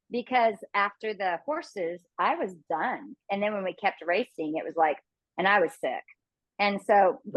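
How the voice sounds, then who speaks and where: A woman's voice: medium pitch, no echo, highs cut off. A woman in her fifties from Phoenix, a reality show contestant telling stories in a casual interview, laughing often and acting out quotes. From Phoenix, USA. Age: 50s. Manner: laughs often, animated storytelling with acted quotes.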